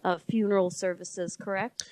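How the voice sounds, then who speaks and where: A woman hosting a podcast, chatting casually and telling a lively story, acting out quoted voices and laughing often. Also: mid-range voice, moderate pace, dry recording. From lives in New Mexico. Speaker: podcast host. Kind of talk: casual interview chat.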